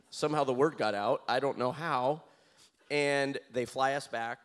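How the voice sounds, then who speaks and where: Telling a personal anecdote as an interview guest, a man gets animated, laughs, and acts out his own lines. His voice is mid-range and smooth, at normal speed.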